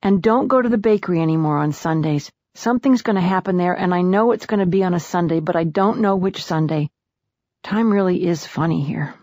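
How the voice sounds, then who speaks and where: Calm dead husband on the phone, read by a woman. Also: lowish voice, brisk, dry recording, clean studio sound, close to an everyday voice. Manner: calm, matter-of-fact, tender. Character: man calling his wife from beyond death. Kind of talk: audiobook character voice.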